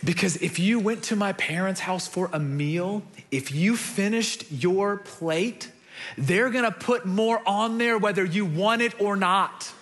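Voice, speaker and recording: A young man preaching a sermon, telling stories in an animated way and repeating words as he builds a point. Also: high voice, a little slow. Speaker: pastor.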